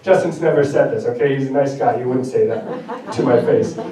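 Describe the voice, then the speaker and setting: Speaking fairly quickly with a warm, fairly high voice and lively intonation, a German pastor preaches in a church sanctuary. His manner is direct and chatty, and he jokes about himself. The mic sits far away in an echoey hall.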